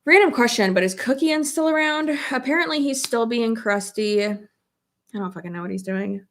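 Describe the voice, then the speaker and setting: Sitting at her makeup table at home, a young beauty vlogger with a cold-stuffed nose talks loosely and bluntly through her makeup routine in a casual get-ready-with-me chat. She swears freely and reads comments aloud as she goes. Her voice is a bit bright, on the high side, at a moderate pace.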